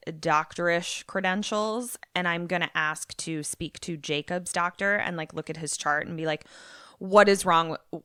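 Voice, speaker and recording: Bright-voiced woman reacting loudly. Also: lowish voice, clean tone, no echo, clean studio sound. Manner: reacts loudly, swears, squeals in surprise. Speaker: podcast co-host. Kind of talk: casual chat, playing along in a story game.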